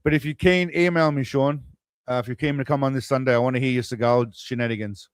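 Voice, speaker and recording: A man's voice: medium pitch, steady tone, fast talker, clean tone, dry recording. Casual male streamer, talks loosely to chat, dry close mic. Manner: rambling, chatty, speaks to viewers. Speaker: streamer host.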